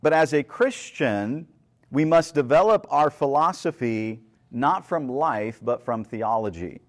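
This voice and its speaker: A man's voice: mid-range voice, lively intonation, unhurried. Man preaching in a conversational sermon. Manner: conversational, asks rhetorical questions, frequent "right?". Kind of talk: sermon with scripture reading.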